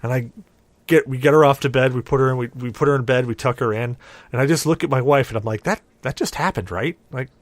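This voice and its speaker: A man's voice: mid-range voice, quick pace, no echo. Man, young adult, podcast host, rambling storyteller, dead-dry sound. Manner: animated, rambling, frequent restarts. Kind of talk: casual storytelling.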